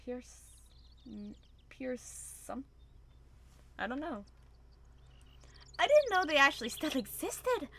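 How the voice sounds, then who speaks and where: A young woman streamer giving casual, chatty, excitable commentary on a game, laughing often. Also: high voice, slow, gravelly, pauses often. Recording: noisy stream audio with clicks.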